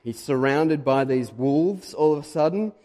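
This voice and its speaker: A man with an Australian accent preaching a sermon in a conversational, emphatic way, pushing louder on key points. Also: fairly high pitch, animated, measured pace, in a large hall. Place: church hall.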